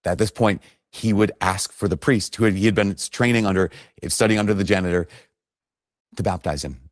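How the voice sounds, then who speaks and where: A man's voice: on the low side, fairly quick, dry recording, studio quality. A man preaching a sermon, telling a story earnestly and rising in emphasis at key points.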